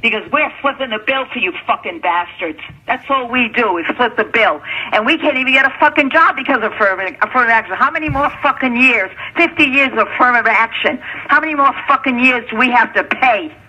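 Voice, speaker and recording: A woman's voice: on the high side, a little fast, few pauses, sharp tone. A middle-aged woman leaving an angry, profane voicemail, ranting and repeating herself. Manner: furious, profane, repetitive ranting. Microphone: telephone. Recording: lo-fi phone voicemail.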